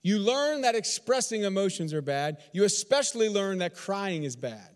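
Man, pastor, high-pitched, emphatic repetition, rhetorical questions, long hall reverb. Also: big pitch swings, normal speed, clean tone. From Texas. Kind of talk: sermon.

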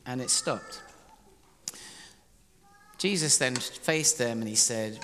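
An energetic, playful male preacher directs his congregation through a story. His voice is a bit higher than most and rings bright across a reverberant church hall. A faint noise hums beneath. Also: unhurried. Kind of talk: interactive sermon storytelling.

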